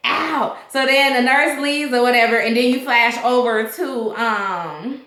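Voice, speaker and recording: A woman casually recapping a TV episode, slangy and animated, laughing and acting out the characters' lines. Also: fairly high pitch, a little slow. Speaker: TV episode reviewer. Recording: echoey room.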